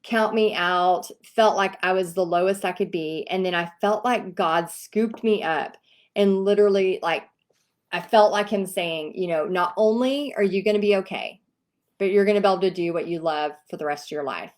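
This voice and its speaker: A woman from Texas tells her own story to her viewers in a casual, chatty way. She is animated and acts out what the others said. Her voice sits at an ordinary middle pitch. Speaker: host.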